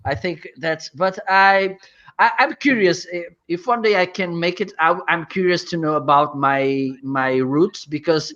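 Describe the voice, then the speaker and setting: A hesitant man from Portugal chats casually with a group on a video call, searching for words and often restarting. His fairly high, slightly bright voice moves at a measured pace, and the audio is muffled.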